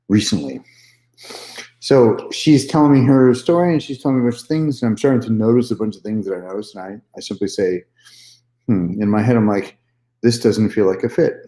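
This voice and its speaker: Male vlogger, mellow tone, casual candid storytelling, roomy echo. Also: fairly low pitch. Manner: candid, swears freely, repeats himself.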